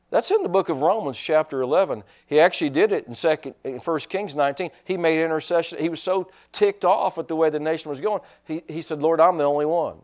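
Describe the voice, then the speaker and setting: Folksy preacher man. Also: on the high side. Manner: folksy, joking, with many restarts. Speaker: pastor. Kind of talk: sermon.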